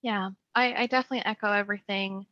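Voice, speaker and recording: A woman recruiter giving thoughtful, measured advice in a panel Q&A. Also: mid-range voice, steady tone, dry recording, lo-fi sound. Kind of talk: panel Q&A answers.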